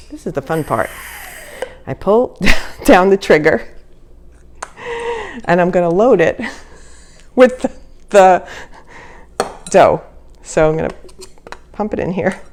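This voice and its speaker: A woman's voice: lowish voice, expressive, slow pace, long pauses, a little mellow, slight background noise, rough recording. A woman chatting casually while demonstrating a recipe in her home kitchen, giggling and laughing at herself often. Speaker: home cooking vlogger.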